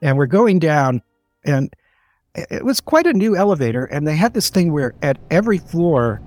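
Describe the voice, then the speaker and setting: A man's voice: on the high side, sing-song, moderate pace, darkish tone, soft background music. A man recounting a wry, awkward story in a casual way. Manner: wry, building to comic repetition. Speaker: guest storyteller. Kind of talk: casual anecdote telling.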